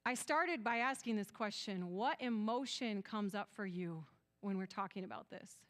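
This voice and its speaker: A woman's voice: medium pitch, normal speed. A woman with a West Michigan accent giving a conference talk, earnest and storytelling, acting out bits of dialogue as she goes. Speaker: conference speaker.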